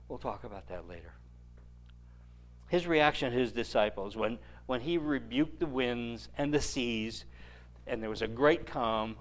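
Male preacher, mid-range voice, lively storytelling sermon with dry humor. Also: mid-range voice, normal speed. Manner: animated storytelling with dry joking asides.

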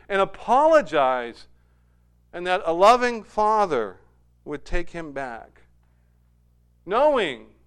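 A middle-aged man preaching a sermon in a smooth, resonant voice that sits fairly high for a man. He tells a family story and builds to emphatic, climbing peaks. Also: a bit bright. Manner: storytelling, rising to emphatic heights. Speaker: pastor.

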